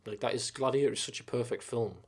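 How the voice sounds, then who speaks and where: A man's voice: medium pitch, quick pace, slightly rough, faint music behind. A man streaming live, chatting casually about films, with lots of swearing and rambling enthusiasm.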